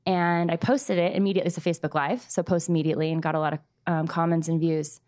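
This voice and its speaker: A woman in her thirties, a guest, telling a painful personal story in a halting, soft-spoken way with many pauses. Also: low voice, fairly even intonation. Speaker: grieving mother guest.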